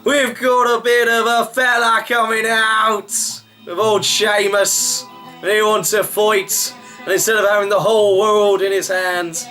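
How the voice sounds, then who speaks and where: A man voicing a blustery male wrestler, doing a deliberately clumsy put-on accent. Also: high voice, level tone, pushed and bright, soft background music, pitched above the performer's own voice. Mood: boastful.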